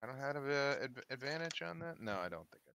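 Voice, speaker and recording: A man's voice: mid-range voice, big pitch swings, a little fast, vocal fry, bright, forceful tone. A man playing a tabletop game over a video call, chatting casually and thinking aloud about his moves. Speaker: player. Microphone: video call mic.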